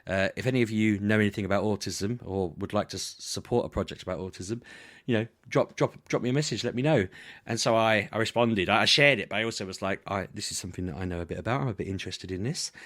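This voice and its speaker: A man chats casually on a podcast. His voice sits fairly low, and he rambles through long anecdotes, often breaking into quick laughs. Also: fairly bright tone. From United Kingdom. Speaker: podcast co-host. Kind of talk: casual chat.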